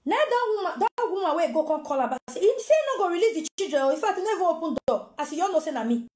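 High-voiced Nigerian Pidgin woman telling a story. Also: fast talker. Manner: animated, repetitive, acts out quoted voices. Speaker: storyteller vlogger. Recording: roomy echo.

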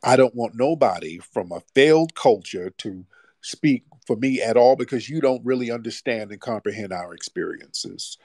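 A man's voice: on the low side, a little mellow, no room sound, studio quality. A man hosting a late-night call-in show, talking bluntly in casual slang. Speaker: host. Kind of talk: live call-in radio show.

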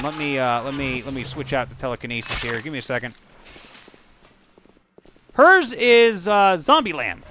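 Excitable, foul-mouthed gaming commentator man. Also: sits high, background noise. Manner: excitable, profane, yelling at enemies. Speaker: gamer commentator. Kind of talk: casual gameplay commentary.

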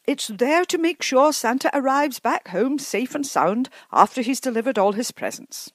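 A woman's voice: sits high, animated, normal speed, no echo, clean studio sound, voice pushed up. A woman doing an eager, hopeful dad. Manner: eager, announcing. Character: cheerful, hopeful grown family father.

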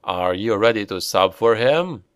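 A man reading the part of a dead father who returns, speaking slowly and gently like a patient old dad. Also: on the low side, expressive, clean tone, no room sound, studio quality. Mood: calm. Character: calm, ghostly older father smoking a pipe.

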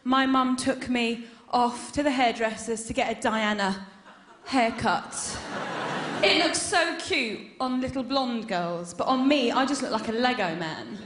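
A woman performing a stand-up comedy set, telling animated stories and punching up the jokes. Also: on the high side, a little slow, background noise. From England. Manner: animated storytelling, loud bursts for punchlines. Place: comedy venue stage. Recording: roomy live venue sound.

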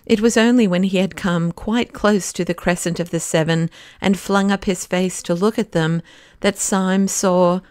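Clear-voiced woman narrating a classic novel. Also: on the low side, steady tone, normal speed, a little mellow, no echo. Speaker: audiobook narrator.

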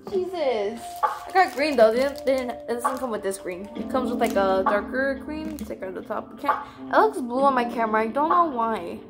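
A young adult woman chatting casually in a crafting vlog, excitable, rambling and swearing freely. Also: on the high side, moderate pace, over music. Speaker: vlogger.

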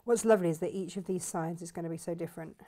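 A woman's voice: lowish voice, steady tone, very fast, dark tone. A woman hosts a live sewing demonstration, chatting enthusiastically and thinking aloud as she works. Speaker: craft shop host demonstrating sewing.

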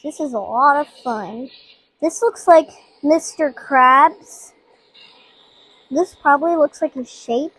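A woman with a high, light voice talks through a video game in a chatty, playful way. She takes her time and speaks to her viewers as she plays. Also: slow pace, pauses often, fairly bright tone. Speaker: gaming channel host. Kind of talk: casual gameplay commentary.

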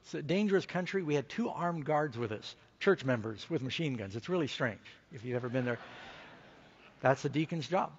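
A middle-aged man preaching a conference sermon, telling a story and rising to excited, emphatic peaks. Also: mid-range voice, a little fast, husky, highs cut off. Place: large conference hall stage.

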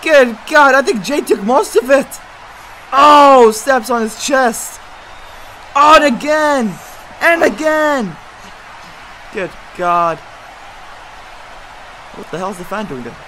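A commentator calling a hobby wrestling match with excited play-by-play, jumping between hushed remarks and shouted exclamations and throwing in joking asides. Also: sits high, takes it slowly, pauses often, a little hiss or hum, poor audio. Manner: jokey, self-correcting asides.

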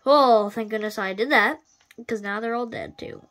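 A woman's voice: fairly high pitch, normal speed, fairly bright tone, soft background music. A woman giving casual, playful commentary while playing a video game, often crying out at what happens. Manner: playful, exclaims and cries out at the game.

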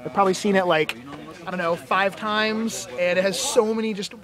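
A man with a fairly high voice chats casually and jokes as he hosts a vlog, laughing often. A thick crowd murmur fills the background of the busy market hall. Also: steady tone, normal speed. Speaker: vlogger host. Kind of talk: casual chat. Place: flea market booth. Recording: noisy crowded flea market. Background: busy crowd and music.

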